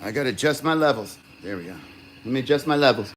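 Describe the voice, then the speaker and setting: A man's voice: medium pitch, expressive, quick pace, slight background noise. A man chatting casually and cursing as he demonstrates glassblowing live to viewers. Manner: rambling, profane, self-distracted. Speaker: glassblowing livestreamer.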